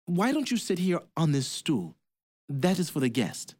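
A man voicing a calm, knowing village mother. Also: on the high side, unhurried. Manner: calm and gently warning.

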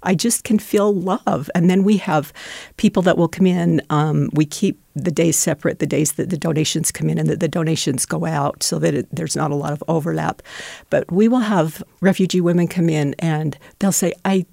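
A middle-aged woman speaks with a gravelly, fry-tinged voice, sincere and devout as she recounts stories of the refugee families she serves. The sound is close and dry, with no room around it. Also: sits low, steady tone, normal speed, dark tone, no room sound. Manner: heartfelt, tearful at moments, devout. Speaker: refugee donation center volunteer. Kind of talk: emotional interview storytelling.

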